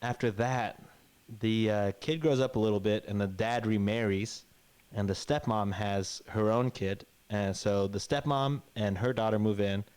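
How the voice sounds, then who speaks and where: A clean, a little mellow voice with a fairly low pitch and slightly slow pace belongs to a male podcast co-host. In a casual storytelling chat, he rambles through a grim fairy tale, cursing and acting out the characters' lines.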